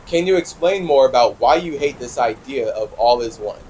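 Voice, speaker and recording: A man hosting a spiritual talk show, reading a listener's letter aloud and answering it in a passionate, heated monologue with big swings in pitch and loudness. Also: lively intonation, moderate pace, a little hiss or hum, low-quality recording.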